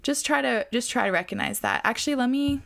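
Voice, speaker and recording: A woman's voice: fairly high pitch, fast, creaky, fairly bright tone. A young adult woman hosting a podcast alone, talking in a chatty, reflective way with lots of fillers. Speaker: podcast host. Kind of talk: casual solo podcast talk.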